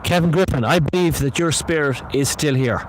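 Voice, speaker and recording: A man's voice: on the high side, a little fast, slight background noise, rough recording. A man working as a paranormal investigator, calling out to spirits outdoors at night near beehives and talking to his chat in a coaxing, repetitive way.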